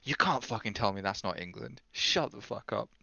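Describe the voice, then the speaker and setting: A man's voice: fairly low pitch, animated, normal speed, gravelly, sharp tone, no echo, highs cut off. A young man hosting a podcast in casual chat, joking and swearing a lot. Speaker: podcast host.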